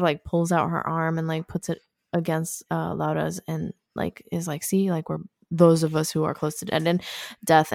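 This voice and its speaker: Young woman, lower voice, relaxed co-host. Retells the plot steadily with fillers, dry close mic. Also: vocal fry, no echo. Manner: relaxed, steady storytelling with fillers, quotes characters. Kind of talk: casual chat recapping a movie.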